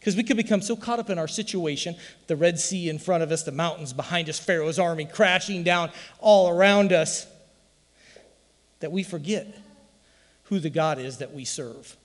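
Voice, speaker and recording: A man's voice: fairly high pitch, normal speed, long reverb tail. A man preaching a sermon in an emphatic, folksy way, full of rhetorical questions. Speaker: pastor.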